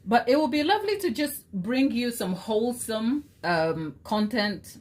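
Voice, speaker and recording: A woman's voice: fairly high pitch, measured pace. A woman hosting a live baking stream, chatting casually with viewers in a teasing way that keeps breaking into laughter. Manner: talks to herself to calm down. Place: home kitchen.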